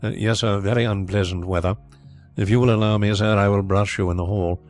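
A man's voice: on the low side, steady tone, a little fast, a little mellow, soft background music, lightly acted. A man voicing a deferential, meticulous manservant in an audiobook, politely listing details. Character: deferential, precise male manservant.

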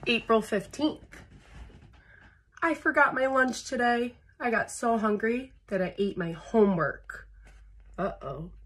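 Reading to children from a picture book, this woman throws in playful sound effects and talks with her young audience between pages. She sounds a little high, a little slow and a bit bright, with slight background noise.

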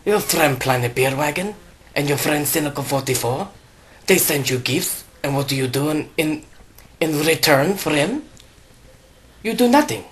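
A man's voice: fairly high pitch, normal speed, fairly bright tone, slight background noise, close to an everyday voice. A man voicing a self-important fairy godmother woman who scolds in a formal tone. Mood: scolding.

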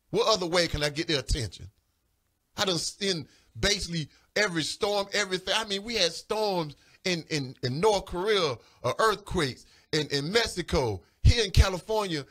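A man's voice: high voice, a bit bright. A man giving an emotional spiritual testimony on the radio, pleading and repeating himself as he talks. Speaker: caller giving a religious testimony. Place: radio studio or phone-in.

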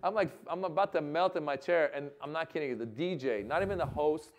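A man, a comedian, telling a lively anecdote at a talk event and acting out the other people in it. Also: a little high, fast. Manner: animated storytelling, acting out other people's lines. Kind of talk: stand-up style anecdote. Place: lecture hall event.

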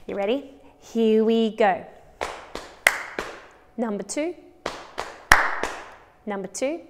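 A woman's voice: on the high side, in a large hall, noisy background. Upbeat Australian woman music teacher. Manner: encouraging, counts aloud in time. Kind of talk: children's music lesson.

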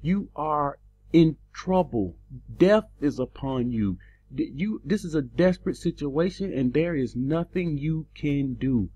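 A man delivering a teaching sermon, slow and emphatic, his pitch rising on the words he stresses. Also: lively intonation, dark tone, breathy edge, dull audio. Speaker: preacher.

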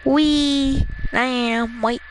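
A gamer chatting casually during a match, excitable and quick to laugh, giving a teammate quick instructions. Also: sits high, background noise. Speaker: gamer playing with a friend. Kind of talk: casual gameplay chat.

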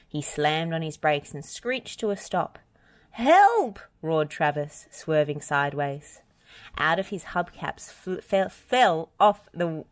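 A woman reads a children's picture book aloud in a gentle, expressive way. Her voice sits a little low. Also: no echo. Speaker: storybook reader. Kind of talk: children's read-aloud narration.

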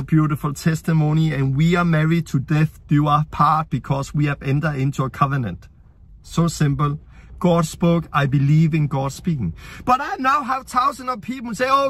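A man's voice: fairly high pitch, a bit bright, no room sound. A man preaching a sermon in earnest, plain-spoken, imperfect English.

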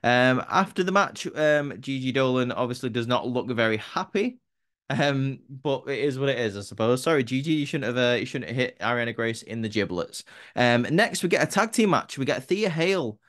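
A man's voice: mid-range voice, expressive, moderate pace, fairly bright tone. A man casually recapping a wrestling show, rambling with many fillers and restarts. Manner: rambling, many ums and restarts, laughs at own jokes.

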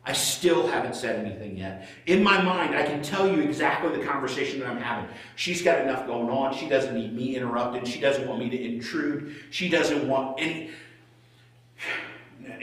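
Echoey middle-aged pastor telling a story. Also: male voice, medium pitch. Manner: conversational storyteller, swings between loud and hushed. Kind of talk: sermon storytelling. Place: church sanctuary. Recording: echoey church room, voice from far off.

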